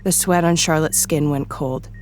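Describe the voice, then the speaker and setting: A woman giving measured, scripted audiobook narration. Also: low voice, a little mellow, slight background noise.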